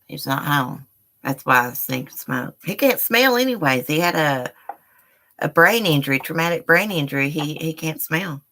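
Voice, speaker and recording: A woman's voice: low-pitched, expressive, moderate pace, pushed and bright. A woman hosting a live stream from home, chatting casually and rambling while she talks to her viewers as y'all. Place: indoors at home.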